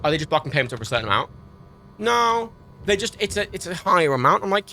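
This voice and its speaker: A British man livestreaming a rant, his voice bright and swinging widely in pitch. He swears constantly and sounds exasperated. Faint music plays behind him. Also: normal speed, pauses often. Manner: exasperated, heavy swearing, animated. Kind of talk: ranting livestream chat.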